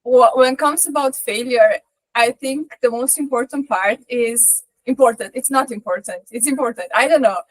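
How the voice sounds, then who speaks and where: High-voiced woman sharing earnestly. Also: moderate pace, poor audio. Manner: searching for words, earnest, rambling. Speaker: call participant. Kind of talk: casual sharing on a video call. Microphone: video call.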